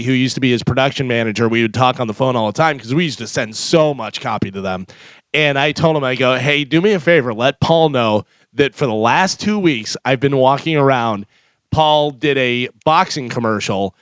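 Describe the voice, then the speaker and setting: A man co-hosting a radio show, an animated storyteller who laughs often during casual studio banter. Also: mid-range voice, moderate pace, clean tone, no room sound.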